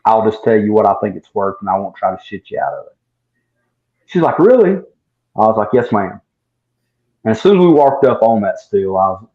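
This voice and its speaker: A man telling a long story in casual chat, full of "I was like" asides, as a guest distiller. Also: on the low side. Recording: dull lo-fi sound.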